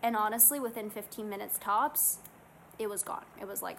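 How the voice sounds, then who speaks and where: A woman vlogger talking casually and earnestly to camera, guiding listeners through calming self-help steps. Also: mid-range voice, moderate pace, creaky, a little hiss or hum, poor audio. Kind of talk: casual motivational talk to camera.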